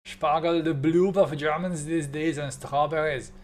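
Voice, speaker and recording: A man's voice: on the high side, steady tone, unhurried. A man streaming live from a home setup, joking playfully and chatting with his viewers. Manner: playful, joking, mock German phrases. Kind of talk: casual livestream chat with viewers.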